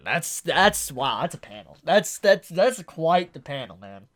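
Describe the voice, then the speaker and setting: A man reviewing a manga chapter in a casual, excitable way, gushing as he reacts with lots of "yo" and "like". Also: a little high, unhurried, hardly any pauses.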